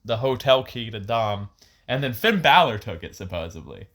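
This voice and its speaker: A man co-hosting a podcast in a casual chat, eagerly telling stories. His voice is bright and forceful, and he laughs often between his points. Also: medium pitch, sing-song, normal speed. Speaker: podcast co-host.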